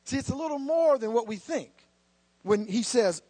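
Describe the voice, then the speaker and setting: A man preaching a sermon, mixing relaxed conversational asides with sudden emphatic outbursts. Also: very high voice, normal speed, dry recording. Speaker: pastor.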